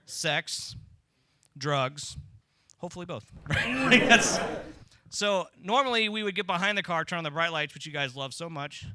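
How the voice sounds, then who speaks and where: A man's voice: a little high, animated, normal speed, a crowd in the background. A man doing a stand-up comedy set in a club, telling stories in a wry, conversational way. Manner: wry, conversational storytelling with tag lines. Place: comedy club stage with audience laughter.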